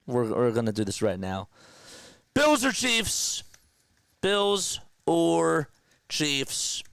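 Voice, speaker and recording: A young man hosting a casual sports livestream, talking to his chat with excitement and emotion. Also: mid-range voice, clean tone, dry recording.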